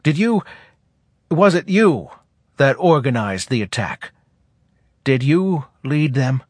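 A man voicing a resentful human colonial officer with a deep, hoarse voice and savage outbursts. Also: big pitch swings, takes it slowly, darkish tone, no echo, exaggerated voice. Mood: accusing. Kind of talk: audiobook character reading.

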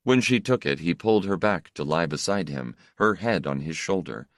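A man narrating an audiobook with an expressive, steady storytelling manner. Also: deep voice, moderate pace, no room sound, studio quality.

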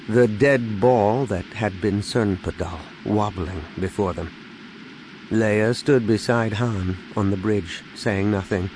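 A man reading an audiobook in a measured, dramatic narration. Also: fairly low pitch, a little mellow, a little hiss or hum, rough recording. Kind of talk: scripted narration.

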